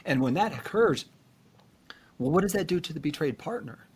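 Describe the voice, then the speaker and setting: A man's voice: fairly high pitch, expressive, moderate pace, a little mellow, breathy edge. A man who is a therapist hosting a podcast, talking earnestly and explaining with rhetorical questions. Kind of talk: conversational podcast discussion.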